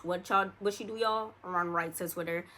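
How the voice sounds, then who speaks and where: A woman's voice: on the low side, fairly even intonation, normal speed, bright, forceful tone. A young adult woman telling a story in a casual, chatty way, speaking straight to her viewers with plenty of slang.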